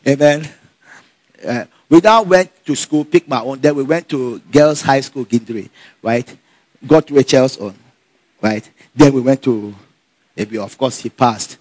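A man telling a personal story in a casual, animated way, laughing often and acting out the dialogue. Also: medium pitch, unhurried, pauses often, no room sound. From Nigeria.

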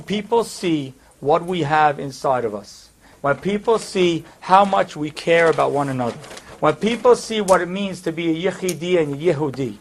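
A man's voice: on the high side, fairly bright tone, slight background noise. A male preacher telling a story in a sermon, conversational, with fillers and asides.

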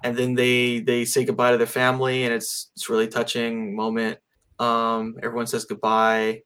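A man's voice: medium pitch, monotone, moderate pace, a bit bright, clear, resonant tone. A man in casual conversation about a film, rambling with lots of fillers and restarts. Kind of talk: casual movie discussion.

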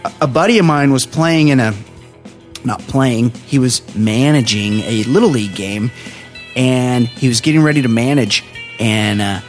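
A man hosting a podcast, rambling through casual stories and doing quick voices for his friends. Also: mid-range voice, soft background music. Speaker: podcast host. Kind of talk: casual chat.

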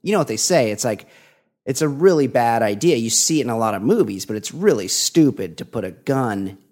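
A man co-hosting a podcast in casual chat, with crude deadpan humor and hesitant pauses. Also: mid-range voice. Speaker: podcast co-host.

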